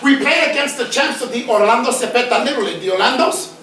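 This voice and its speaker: A man with a Bronx New York accent telling a comic stage monologue, animated and profane. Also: very high-pitched, quick pace. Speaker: stage performer. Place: theater stage before an audience. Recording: echoey theater, distant mic, audience noise.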